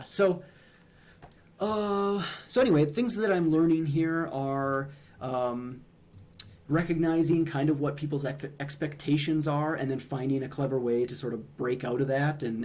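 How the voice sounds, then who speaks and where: A man's voice: mid-range voice, measured pace, darkish tone. A young man streaming, casually analyzing game humor in a hesitant way, with frequent ums and restarts.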